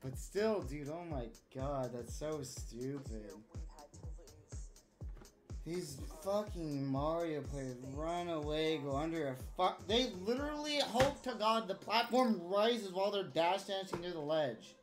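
Woman, streamer, live gameplay commentary, profane, frustrated rant, lively pitch, slow talk. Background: game music.

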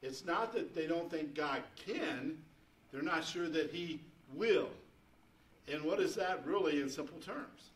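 Fervent preacher in an echoey church. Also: male voice, on the high side, expressive, a little slow. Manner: folksy, rising to fervent emphasis. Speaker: pastor. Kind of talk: sermon. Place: church sanctuary. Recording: echoey church room, mic at a distance.

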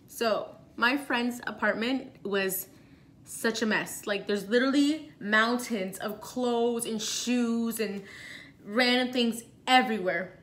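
This is a breathless, animated storytime from a young woman vlogger addressing the camera. Her slightly high voice sounds bright and forceful, and she hurries through the tense bits while piling on fillers.

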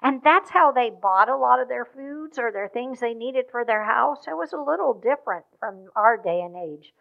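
High-voiced woman telling a story to kids at church, gentle, lots of questions, muffled sound. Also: expressive, normal speed, gravelly. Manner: gentle, asks the children questions. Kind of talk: children's story in a church service.

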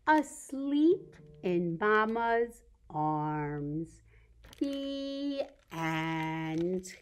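A woman librarian leading a baby story time, reading a picture book aloud, singing simple songs and making animal sounds in a sing-song, animated way. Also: fairly high pitch. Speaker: children's librarian.

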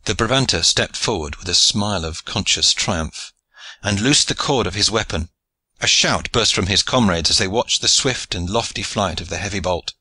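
A man narrating a classic adventure novel in a measured, even storytelling manner. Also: deep voice, slightly rough, no room sound. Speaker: audiobook narrator. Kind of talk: scripted narration.

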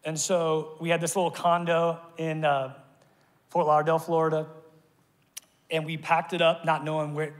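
Male pastor, slightly raised pitch, preaching in a church hall with long reverb; lively storyteller who shouts at peaks and goes hushed in prayer. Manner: animated storytelling, voice rising to shouts at peaks, dropping soft in prayer. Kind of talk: sermon. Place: church auditorium.

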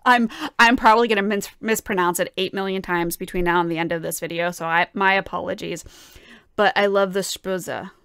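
A woman's voice: lowish voice, steady tone, fast talker, few pauses, a bit bright, clear, resonant tone. A young woman flute player reacting to a song, talking with enthusiasm and gushing praise, full of fillers and restarts. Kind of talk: casual reaction and analysis.

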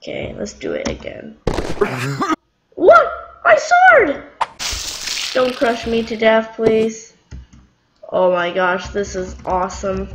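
A young woman giving casual, excitable gameplay commentary, giggling and squealing. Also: fairly high pitch, slow pace, pauses often, a little hiss or hum. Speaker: gamer.

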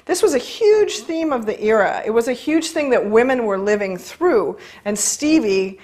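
A woman's voice: a little high, expressive, normal speed, darkish tone. A woman giving emphatic, explanatory commentary in a documentary.

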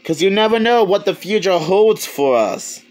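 A man with a notably high voice talks through a movie review in a casual, unscripted way. He stumbles, restarts phrases and chuckles as he goes. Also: animated, darkish tone. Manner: rambling, halting, many restarts, chuckles.

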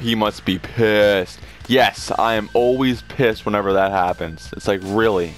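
A young man talks over his game in a low, slow, laid-back voice, swearing freely and flaring into angry rants at bad plays. Game music plays clearly behind him. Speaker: gaming commentator. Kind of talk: casual gameplay commentary.

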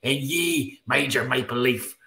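A man's voice: mid-range voice, measured pace, gravelly, bright, forceful tone. A man voicing a panicked Irish hero in a thick put-on brogue, reading in an over-the-top theatrical way. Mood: frantic, accusing.

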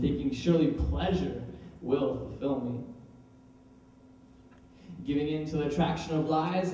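A young man performing a spoken word poem dramatically, swinging between hushed lines and loud ones. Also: fairly high pitch, highs cut off, a little hiss or hum. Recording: very echoey room, voice far from mic.

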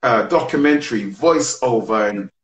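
Male host, mid-pitched, eager and talkative, roomy echo on the voice. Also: moderate pace. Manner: enthusiastic, chatty, friendly. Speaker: interview host. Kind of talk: casual interview. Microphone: live video call. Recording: roomy echoey room sound.

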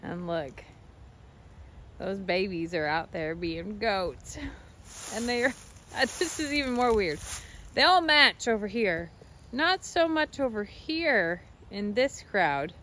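A woman's voice: mid-range voice, animated, takes it slowly, a bit bright, slight background noise. A woman vlogging outdoors on a farm, chatting casually and cooing at her goats, with frequent laughter. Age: adult, working a day job. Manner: coos and baby-talks to goats, laughing often. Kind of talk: casual vlog narration.

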